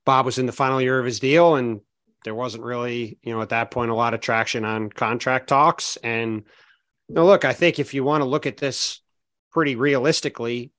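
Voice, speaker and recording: A man talking on a podcast panel in casual chat, laying out his analysis in a measured way with "I mean, look" fillers. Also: mid-range voice, fairly bright tone, no room sound. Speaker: basketball reporter, podcast panelist.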